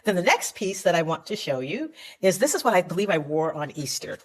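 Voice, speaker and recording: A woman's voice: lowish voice, big pitch swings, fairly quick. A woman showing jewelry pieces to viewers in a chatty, enthusiastic way, often correcting herself as she goes. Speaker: jewelry seller. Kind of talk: live product showcase.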